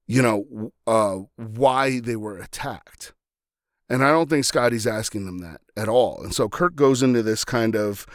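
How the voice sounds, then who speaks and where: A man's voice: mid-range voice, dry recording, clean studio sound. A man hosting a podcast, talking through a film scene in a casual, rambling way with frequent restarts. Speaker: podcast host.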